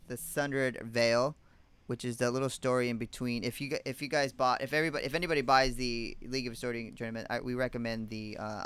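A man's voice: medium pitch, fairly bright tone, smooth. A man co-hosting a casual podcast, chatting in a laid-back way with joking asides. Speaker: podcast co-host.

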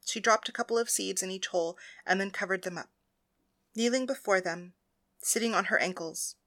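Bright-voiced woman narrating an audiobook. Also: medium pitch, normal speed.

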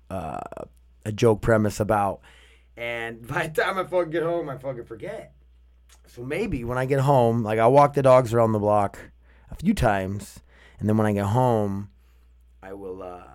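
A man hosting his own podcast, talking alone in a rambling, loose way with lots of swearing. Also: on the low side. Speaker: podcast host. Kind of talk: casual solo podcast monologue. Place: outdoors walking dogs.

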